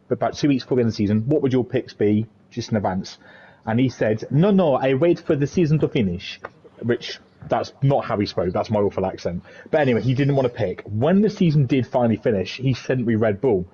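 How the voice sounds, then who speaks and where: A man's voice: medium pitch, animated, fast, warm tone, slightly rough. A man hosting a racing league stream, chatting and joking as he announces the team draw. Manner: chatty, joking, rambling with fillers. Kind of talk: live stream chat commentary. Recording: dull lo-fi stream mic, faint noise.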